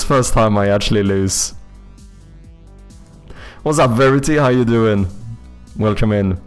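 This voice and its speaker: Low-voiced streamer. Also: male voice, measured pace, pauses often, clean tone, soft background music. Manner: thinks aloud, swears freely, chats to viewers. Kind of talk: casual live-stream chat while playing a word game.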